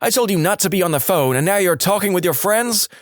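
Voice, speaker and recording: A man voicing a furious middle-aged mother who yells and scolds. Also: high voice, lively intonation, fast talker, dry recording, clean studio sound, voice pushed up. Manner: yelling, scolding.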